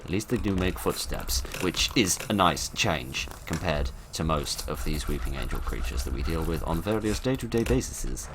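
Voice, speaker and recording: Deep-voiced wry man. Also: expressive, normal speed, hardly any pauses, background noise. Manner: wry, playful, rambling asides. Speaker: gaming video host. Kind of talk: let's play commentary.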